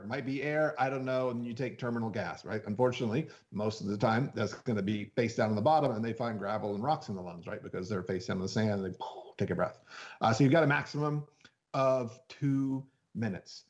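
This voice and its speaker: A man who is a freediving instructor, talking as a podcast guest in a casual, animated way, often restarting and acting out quoted voices. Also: medium pitch, brisk, highs cut off. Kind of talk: casual explanatory podcast talk.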